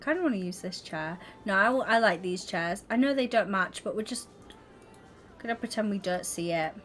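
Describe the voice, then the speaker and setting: A woman's voice: mid-range voice, lively intonation, moderate pace, a bit bright, soft background music. A young woman streaming live, chatting casually with her viewers and constantly breaking into giggles. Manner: giggly, keeps breaking into laughter.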